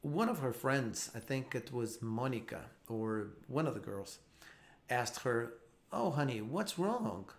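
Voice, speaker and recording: A man's voice: medium pitch, measured pace. A man giving a live online English lesson, explaining patiently with frequent repeats and restarts. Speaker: English teacher.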